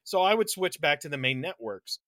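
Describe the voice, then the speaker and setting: A man's voice: a little high, big pitch swings, a little fast, fairly bright tone, no room sound, studio quality. A man co-hosting a podcast, telling a long, rambling story in casual chat, laughing mid-sentence and swearing casually. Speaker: podcast co-host.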